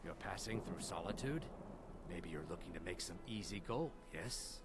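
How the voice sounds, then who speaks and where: A shady treasure hunter from a fantasy game, speaking low and sly in a hushed, conspiratorial way. His voice sits very deep, with clear ambient noise running underneath the game audio. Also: expressive, moderate pace. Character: shady male treasure hunter offering thieving work.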